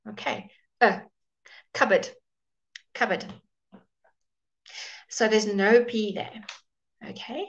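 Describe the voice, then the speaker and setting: A woman's voice: medium pitch, steady tone, measured pace, long pauses, highs cut off. A woman teaching a live online English pronunciation lesson, patiently modelling words and greeting viewers by name.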